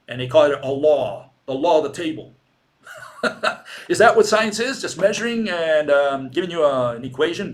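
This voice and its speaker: A man's voice: fairly high pitch, a bit bright. A man with a Latin American Spanish accent giving an informal lecture, sardonic and argumentative, firing off rhetorical questions and mocking the people he quotes.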